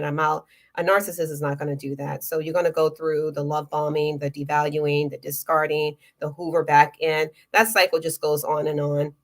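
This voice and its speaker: A middle-aged woman talking straight to her viewers in a casual, earnest way, giving encouragement and repeating words for emphasis. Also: low-pitched. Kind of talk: casual motivational talk to camera.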